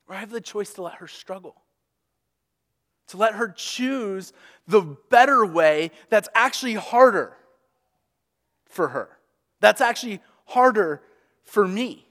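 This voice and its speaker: A young man preaching a sermon as a pastor, conversational and animated as he tells stories. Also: high voice, a little slow, long pauses, long reverb tail.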